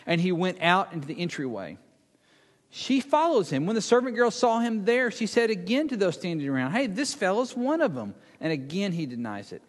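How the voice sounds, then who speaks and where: A man preaching a sermon, retelling a Bible story dramatically, acting out the speakers and dropping to a hush for emphasis. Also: high-pitched, sing-song, fairly quick. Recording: long hall reverb.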